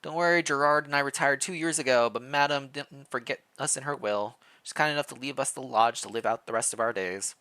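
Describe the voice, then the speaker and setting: A man voicing a kindly elderly female housekeeper, speaking gently and politely in a put-on foreign accent. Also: medium pitch, fairly quick, few pauses, no echo.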